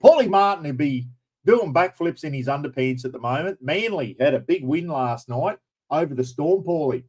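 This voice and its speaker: A man's voice: a little high, animated, normal speed, darkish tone, slightly rough, rough recording. An Australian man hosting a livestream in casual chat, blunt and chatty, with mild swearing as he greets viewers by name. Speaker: livestream host.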